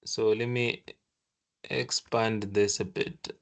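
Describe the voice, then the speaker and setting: A man teaching a programming lesson while sharing his screen, speaking casually with frequent restarts and lively acted-out asides. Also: on the low side, vocal fry. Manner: casual and animated, acts out the computer scolding in quick asides; halting restarts while thinking aloud. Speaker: programming tutor. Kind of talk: screen-share coding lesson.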